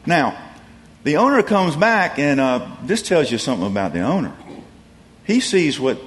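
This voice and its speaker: A man's voice: a little high, very animated, moderate pace. A man preaching a sermon in a conversational, storytelling way, with frequent restarts.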